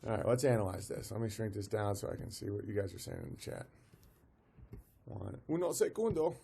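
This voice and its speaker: A man's voice: on the low side, very animated, fairly quick, vocal fry, warm tone, husky. A man streaming live, commenting on a video with amused disbelief, often restarting his sentences. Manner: amused, incredulous, restarts and laughs.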